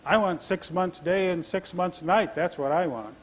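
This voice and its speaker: A man's voice: high-pitched, normal speed, voice pushed up. A man voicing a lazy, stubborn male grizzly bear in a told legend, speaking at a stage microphone. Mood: insistent. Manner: insistent, drowsy arguing.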